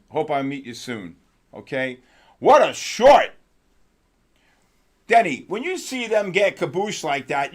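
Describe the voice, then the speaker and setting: An excitable male host with a fairly high voice runs a live trading stream. He is chatty and animated, calling out to viewers one after another.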